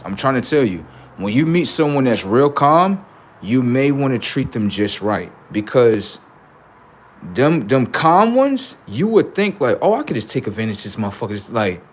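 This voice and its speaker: A middle-aged man rambling profanely to his livestream about his kids, acting out what they say in lively quoted voices. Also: mid-range voice, moderate pace. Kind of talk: casual monologue to a livestream audience.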